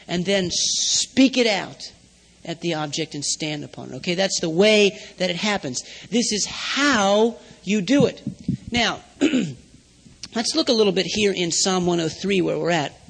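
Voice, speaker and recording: A male preacher with a strikingly high voice delivers a sermon as a step-by-step lesson. He keeps turning to his listeners with questions to check that they follow. His voice rings out in a large hall with a long reverb tail. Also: fairly bright tone. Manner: teaching step by step, asking the audience questions.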